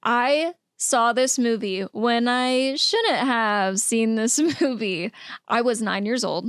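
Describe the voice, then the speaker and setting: A young woman with a slightly high voice co-hosts a podcast. She chats in a relaxed, giggly way and swears now and then, recorded dry on a close mic. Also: slow pace, clean tone, dry recording. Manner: laid-back, giggly, swearing. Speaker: podcast co-host. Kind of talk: casual chat.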